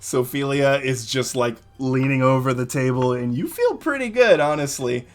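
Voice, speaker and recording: A man narrating as game master in a relaxed way, with many fillers and chuckles. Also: medium pitch, normal speed, faint music behind.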